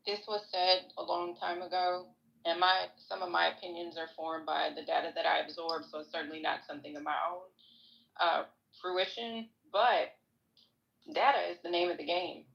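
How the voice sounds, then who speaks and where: A woman co-hosting a political podcast, opinionated and profane, thinking out loud. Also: on the low side, steady tone, moderate pace, creaky, highs cut off.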